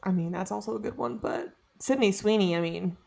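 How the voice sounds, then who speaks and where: A woman's voice: mid-range voice, a little fast, gravelly, darkish tone. A young woman co-hosting a podcast, chatting casually and gossiping with frequent laughs. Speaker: podcast co-host. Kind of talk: casual chat.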